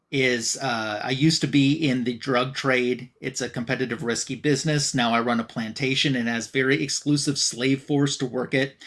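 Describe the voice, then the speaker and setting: A man's voice: mid-range voice, a bit bright. Casual man recapping a comic aloud. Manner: retelling a comic plot with loose quoted dialogue, many fillers. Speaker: podcast co-host.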